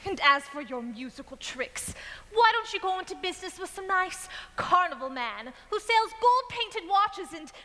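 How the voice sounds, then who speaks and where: A woman's voice: extremely high pitch, sing-song, normal speed, bright, forceful tone, full character voice. A woman playing a prim, cold young librarian in a stage musical, curt and disapproving. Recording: stage with long hall reverb.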